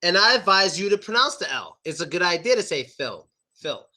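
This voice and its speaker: Bright-voiced American man teaching pronunciation. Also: high-pitched. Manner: lively, repeats words slowly for demonstration. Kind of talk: online pronunciation lesson.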